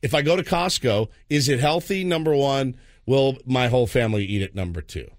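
A man's voice: mid-range voice, expressive, fairly quick. A man in his thirties co-hosting a morning radio show, rambling in a self-deprecating, exasperated way. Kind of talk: casual morning show chat.

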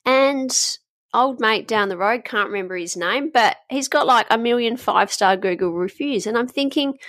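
A woman's voice: on the high side, normal speed, a bit bright, no echo, clean studio sound. A woman in her thirties with an Australian accent, hosting a casual solo podcast in a frank, chatty way, swearing freely and wandering off topic. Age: 30s. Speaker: podcast host. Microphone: podcast microphone.

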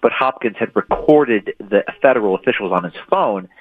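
A man's voice: on the low side, animated, normal speed, husky. A man being interviewed as an author, answering emphatically and often repeating and restarting words. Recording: thin phone-line audio.

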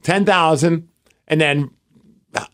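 A man's voice: fairly high pitch, takes it slowly, a bit bright, clean tone. A man co-hosting a podcast in casual chat, rambling through ideas and poking fun at himself. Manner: rambling, self-deprecating. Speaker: podcast co-host.

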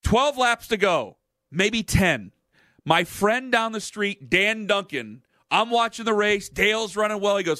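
Sports radio host, male, high bright voice, dry studio sound, animated jokey storyteller. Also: a little slow, dry recording. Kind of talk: storytelling on radio talk show.

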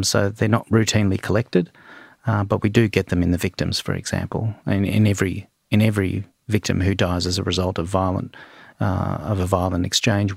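A middle-aged man, a forensic toxicologist answering interview questions in a measured way, with frequent ums and restarts. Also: on the low side, creaky, no echo, clean studio sound.

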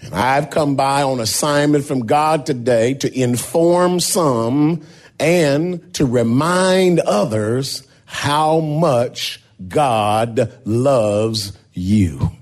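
Pastor guy preaching slow and dramatic, stretches words out, gets loud at the peaks, church setting. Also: medium pitch. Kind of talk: sermon. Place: church sanctuary.

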